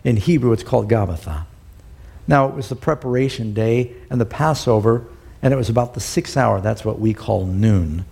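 Animated preacher, mellow husky voice. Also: male voice, normal speed. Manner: acts out the quoted lines with rising pitch and emphasis. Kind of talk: sermon, reading scripture with commentary.

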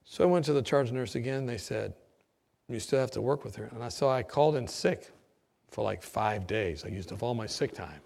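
A man telling a personal story in an animated way, acting out what people said and laughing at his own tale. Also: mid-range voice, fairly quick, gravelly. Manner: lively, acts out quoted voices, laughs at own story. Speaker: former nurse telling a story.

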